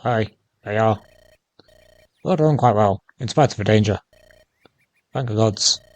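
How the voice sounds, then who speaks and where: A man voicing a calm village husband in a low, hushed, steady read. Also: unhurried, no echo, natural voice.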